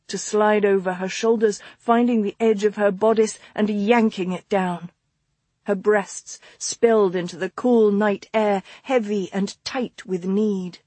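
A woman narrating a romance audiobook in a soft, slow, intimate read. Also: mid-range voice, slightly rough, dry recording.

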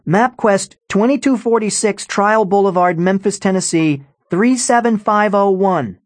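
A man reading an audiobook, voicing a brash, joking young man who talks loudly and dramatically. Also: mid-range voice, sing-song, measured pace, dry recording. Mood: teasing. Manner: loud, teasing and dramatic. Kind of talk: audiobook character voice.

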